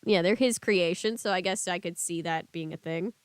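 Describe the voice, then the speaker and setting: A woman's voice: on the low side, normal speed, no room sound. A woman streamer reading a book aloud and chatting casually with her live chat.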